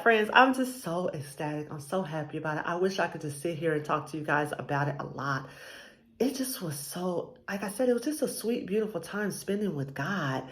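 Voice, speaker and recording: A woman's voice: lowish voice, animated, normal speed. A married woman sharing a personal faith testimony in a casual, rambling way, with frequent ums. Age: adult, married with a child. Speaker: vlogger sharing a faith journey.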